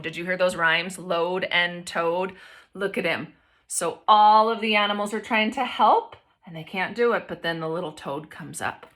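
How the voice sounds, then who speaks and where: A young adult woman who teaches is reading a picture book aloud to children, her lowish voice gentle and encouraging. She often stops to ask them questions.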